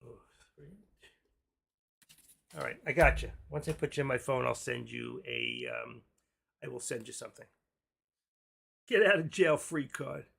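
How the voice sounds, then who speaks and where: A man's voice: medium pitch, huge pitch swings, measured pace, gravelly, long pauses, a bit bright, slightly rough. A man hosting a live stream, chatting casually in a rambling, jokey and brash way.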